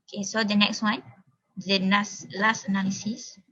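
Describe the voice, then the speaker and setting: A young woman with a slightly husky voice, walking through her analysis for a class presentation step by step. She speaks over a video call, and her laptop mic gives the sound a dull, lo-fi quality. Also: mid-range voice, flat delivery, normal speed, pushed and bright. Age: young adult. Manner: explains step by step, with many fillers. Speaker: student presenter.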